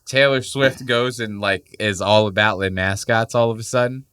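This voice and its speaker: A young man riffs on clips for his podcast, crude and mocking, with swearing all through. His voice is lowish but bright and forceful. It sounds dry and close to the mic. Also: fairly even intonation, moderate pace, clear, resonant tone, no room sound. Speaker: podcast host. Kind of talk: casual reaction commentary.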